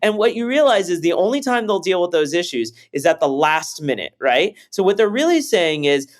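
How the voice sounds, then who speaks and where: Founder guest, male, a fairly high voice that swings widely in pitch, casual swearing storyteller. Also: a little fast. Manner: animated storytelling, acts out quotes, swears freely. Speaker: startup founder, podcast guest. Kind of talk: casual conversational explaining.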